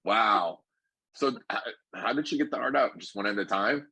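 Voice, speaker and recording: A man's voice: on the low side, expressive, normal speed, vocal fry, pushed and bright, breathy edge, low-quality recording. A man hosting an interview, reacting with short comments and asking questions. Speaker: interviewer, host.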